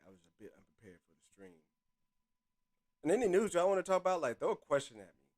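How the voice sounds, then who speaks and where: A young man hosting a casual live stream, chatty and reading articles aloud with offhand asides, his loudness rising and dropping to mumbles. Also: on the low side.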